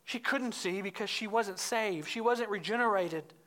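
A woman preaching an expository sermon in an emphatic way, getting higher and louder as she stresses her points. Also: moderate pace. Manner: emphatic, rises in pitch and volume when stressing points.

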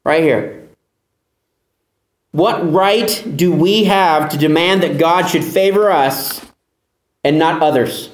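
A man's voice: a little high, takes it slowly, pauses often, roomy sound. A man preaching a sermon as pastor, emphatic, asking the listeners pointed rhetorical questions.

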